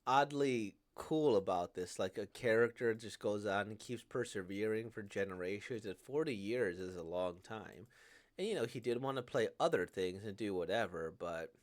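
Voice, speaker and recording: A man hosting a casual manga reading reaction, hesitant and full of fillers, laughing often. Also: lowish voice.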